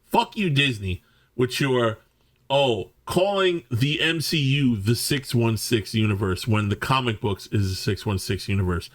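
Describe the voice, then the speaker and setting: A man's voice: mid-range voice, measured pace. A man ranting through a movie review, swearing often and restarting his sentences, with many fillers. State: angry. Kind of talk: ranting film review monologue.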